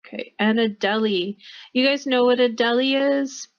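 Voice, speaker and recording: Somewhat high in pitch and at a moderate pace, an American woman gives classroom instruction on pronunciation to college students, explaining with patience and repeating words. The sound is dull.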